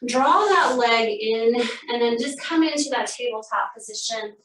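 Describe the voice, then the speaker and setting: A woman's voice: a little high, normal speed, a little hiss or hum. Yoga teacher woman in a roomy space. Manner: calm, steady cueing, breathing between phrases. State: a little out of breath. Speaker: yoga instructor. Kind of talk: guided yoga class instruction. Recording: roomy sound, mic at a distance.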